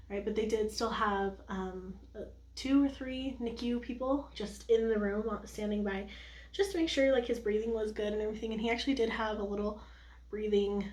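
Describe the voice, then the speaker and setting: A woman's voice: mid-range voice, darkish tone. Chatty young woman telling a story. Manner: chatty, lots of "like" and laughs. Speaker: vlogger. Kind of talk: casual storytelling to camera. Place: at home doing makeup.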